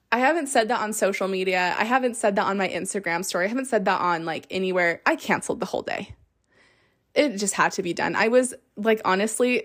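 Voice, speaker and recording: A woman in her thirties hosting a podcast, telling a story in an excitable, chatty way full of fillers. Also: mid-range voice. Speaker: podcast host. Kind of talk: casual chat.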